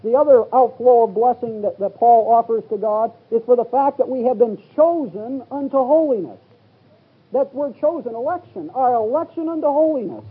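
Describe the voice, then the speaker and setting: A man's voice: very high-pitched, moderate pace, slightly rough. A man preaching a Bible teaching sermon, reading scripture aloud and explaining it verse by verse. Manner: reads scripture in King James wording, rising to exclaim. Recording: phone-like, lo-fi sermon recording.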